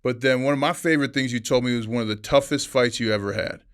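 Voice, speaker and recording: A man's voice: mid-range voice, fast talker, fairly bright tone, clear, resonant tone. A man hosting a podcast, prompting his guest's stories with short, encouraging affirmations. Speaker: podcast host. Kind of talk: casual interview.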